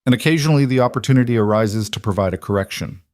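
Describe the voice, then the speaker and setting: A man playing a calm, reserved mafia boss who speaks in a measured, matter-of-fact way. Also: lowish voice, dry recording, studio quality, natural voice.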